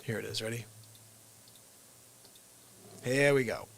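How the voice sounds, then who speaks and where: A man hosting his own unscripted livestream, chatting casually in an excitable, rambling way with frequent restarts. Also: mid-range voice, slow pace, creaky. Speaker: livestream host and impressionist.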